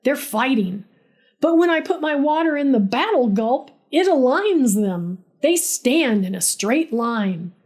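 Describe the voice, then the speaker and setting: A woman plays a smug male bio-hacker coworker in a spoken story, pitched high and drawn out slowly as he lectures. His tone is earnest and condescending, as if explaining the obvious to a child. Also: very animated, a little mellow, full character voice. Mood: earnest lecturing.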